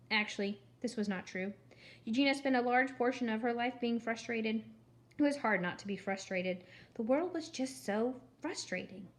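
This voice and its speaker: A woman narrating a children's storybook in an expressive, wry reading voice. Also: a little high. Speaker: storybook reader.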